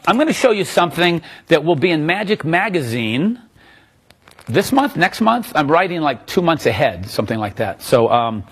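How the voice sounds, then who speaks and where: Husky, lively man joking through a lecture. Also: on the high side. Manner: joking, animated, self-mocking. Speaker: magician teaching a live lecture. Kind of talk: live lecture with audience questions. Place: room with a live audience.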